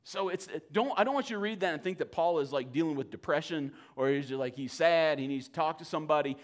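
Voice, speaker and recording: A man with a notably high voice leads an evening Bible teaching in a loose, conversational way. He talks informally and slips into little acted-out quotes as he explains. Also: quick pace. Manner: informal and animated, acts out quoted speech.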